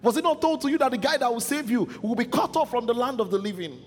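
A male preacher in full sermon flow. His voice sits high and swings widely in pitch, and he keeps drawing his listeners into call-and-response. The sound carries the long reverb of a large hall, with faint music in the background. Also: expressive, quick pace, few pauses. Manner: call-and-response, often asks the congregation if they follow.

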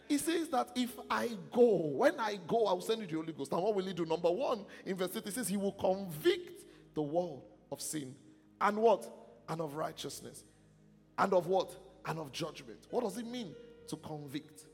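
A man's voice: high voice, normal speed. A man preaching a sermon, reading scripture aloud and quizzing the congregation with repeated questions. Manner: animated, call-and-response questions to congregation. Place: church hall. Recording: long hall reverb, faint music.

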